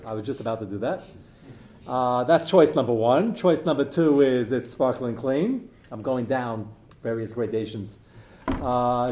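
Joking middle-aged man lecturing in a roomy hall. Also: fairly high pitch. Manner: animated, joking, digressive, many fillers. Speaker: rabbi teaching a class. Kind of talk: live lecture to an audience.

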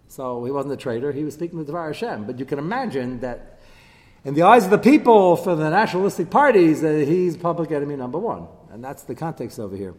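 A man teaching a text-study class, animated, his voice jumping up whenever he quotes and chants verses. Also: on the high side, a little fast. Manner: animated, voice leaping up when quoting and chanting verses. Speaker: Bible teacher. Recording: long hall reverb.

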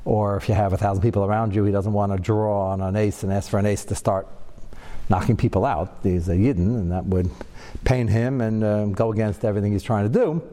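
A man gives a Torah class lecture in a mellow, relaxed voice. He is animated and leaps into a high pitch when he acts out quoted lines. His words carry a long reverb, as in a hall. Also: fairly quick. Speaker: Torah teacher.

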